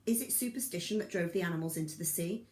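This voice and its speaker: A woman's voice: lowish voice, quick pace, a little mellow, close to an everyday voice. A woman reading the part of a fierce, scarred woman who leads a band of outcasts, speaking coldly and with scorn, in a roomy recording. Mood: scornful, commanding. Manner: cold, commanding, scornful. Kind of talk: audiobook reading.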